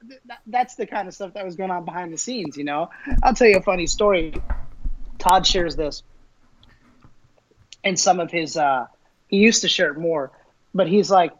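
Animated storytelling man, dull lo-fi sound. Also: high-pitched, moderate pace, pauses often. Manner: animated, acts out quoted voices, laughs often. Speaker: interview guest, minister. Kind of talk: casual storytelling interview.

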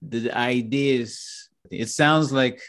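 A middle-aged man hosting a casual interview, relaxed and laughing along with his guest. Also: medium pitch, slow pace, creaky. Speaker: interview host.

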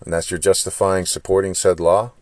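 A man's voice: deep voice, flat delivery, brisk, a little mellow, no room sound, studio quality. A man hosting a solo podcast, talking through his frustration in a lecturing stream of rhetorical questions. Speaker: podcast host. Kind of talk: solo opinion monologue.

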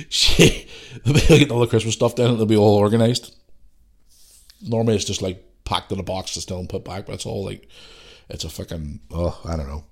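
A man hosts his podcast alone, rambling through a loose, foul-mouthed rant. He is fighting off a cold, and his voice sits on the low side. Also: normal speed, vocal fry, long pauses, husky. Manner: ranting, sweary, loose and rambling. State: has a cold. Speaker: podcast host. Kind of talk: casual solo podcast rant.

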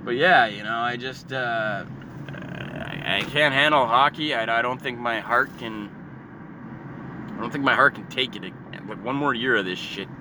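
A young man ranting profanely and sarcastically, jumping from loud outbursts to low muttering. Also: unhurried, background noise. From Canada. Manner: swears constantly, sarcastic, swings between shouting and muttering. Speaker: hockey fan ranting. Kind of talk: profane casual rant.

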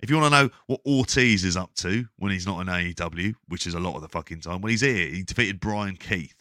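A man co-hosting a casual wrestling podcast, talking in a sweary, rambling, animated way. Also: sits low, a little fast, no echo, clean studio sound. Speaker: podcast co-host.

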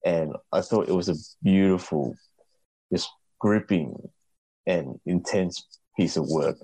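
A man guesting as a film critic on a podcast, talking in a halting way, searching for words and laughing often. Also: low voice, dark tone, husky, dry recording. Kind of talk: casual film chat.

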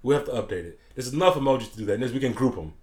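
A man co-hosting a casual podcast, joking and animated, often acting out quoted people. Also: medium pitch, racing. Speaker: podcast co-host. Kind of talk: casual chat.

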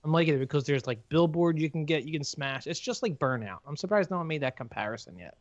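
A man's voice: fairly high pitch, lively intonation, quick pace, dry recording. Rambling man on a dull-sounding podcast. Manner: rambling, lots of fillers and restarts. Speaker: podcast co-host. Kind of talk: casual chat.

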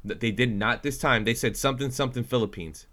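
A man talking in a casual chat with a co-host. His voice sits at an ordinary pitch, and he keeps up a stream of playful, teasing talk. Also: quick pace, fairly bright tone. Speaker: podcast co-host.

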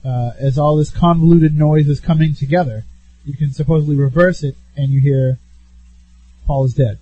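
A man hosting a radio show, chatting quickly and casually with a guest. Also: a little high, warm tone, breathy edge, muffled recording. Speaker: radio host.

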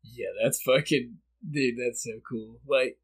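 Brief: casual male podcast host, relaxed, profane, friendly slang. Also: mid-range voice, slow, slightly rough, low-quality recording. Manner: laid-back, swears a lot, says "bro" and "dude". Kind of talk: casual chat.

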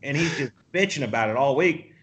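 Man, podcast guest, casual profane storytelling, mid pitch, laughs a lot. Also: fairly quick. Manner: animated, profane anecdotes, laughs often. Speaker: guest pro golfer.

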